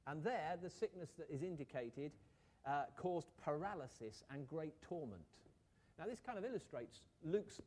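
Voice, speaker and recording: A man's voice: on the high side, expressive, normal speed, mellow, a little hiss or hum. A man preaching a sermon in a conversational way, asking rhetorical questions and briefly acting out the people in his story.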